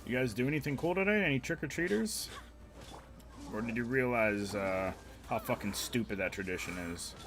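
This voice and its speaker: A young man streaming a game, telling a story in a blunt, heavily profane, animated way. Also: mid-range voice, normal speed, music in the background. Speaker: live streamer. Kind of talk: casual storytelling while gaming.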